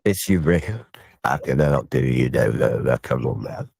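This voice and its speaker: A man's voice: extremely low pitch, normal speed, vocal fry, darkish tone, husky, no echo, studio quality. A British man calling in to a livestream, rambling in slangy, crude, flirtatious banter. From Britain. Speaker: caller on a livestream.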